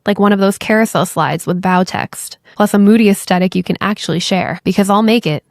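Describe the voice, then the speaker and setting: A woman's voice: medium pitch, a little fast, darkish tone, no echo, clean studio sound, natural voice. A woman reading aloud the effusive, bubbly replies of a supportive AI chatbot that acts like her best friend. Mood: gushing.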